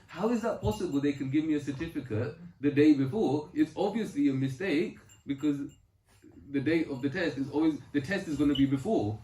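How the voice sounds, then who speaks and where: A man's voice: fairly high pitch, dark tone, reverberant, a little hiss or hum, low-quality recording. A man giving a spiritual talk at a home gathering, telling scripture stories and personal anecdotes, quoting verses and explaining them earnestly. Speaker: spiritual speaker.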